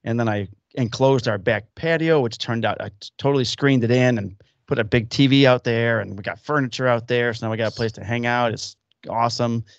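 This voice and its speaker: A man's voice: medium pitch, fairly quick, no room sound, highs cut off. Fifty-something man telling rambling stories. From Illinois. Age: 50s. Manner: rambling anecdotes with acted-out quotes. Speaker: podcast host. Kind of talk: casual storytelling chat. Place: home workshop basement.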